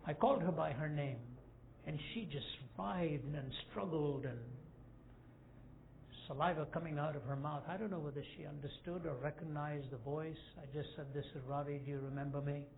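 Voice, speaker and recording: Older guy preaching, fairly high voice, tells stories and gets loud on the big points, tinny phone-ish sound. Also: normal speed, vocal fry. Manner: storytelling, rising to loud emphatic peaks. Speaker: evangelist speaker. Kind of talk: sermon. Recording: tinny phone-like lo-fi recording with faint hiss.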